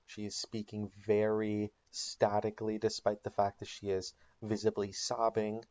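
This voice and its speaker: A man's voice: on the low side, completely flat delivery, moderate pace, a little mellow, muffled recording. A man telling a comedic made-up recap of a TV show in a casual storytelling way with ums and likes. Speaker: channel host.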